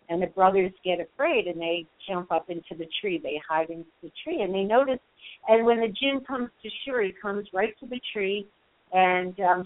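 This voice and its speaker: A Jungian storyteller, a woman of medium pitch, retells a fairy tale casually, with fillers, asides and quoted voices acted out. The sound is dry and tinny, like a phone, with no echo.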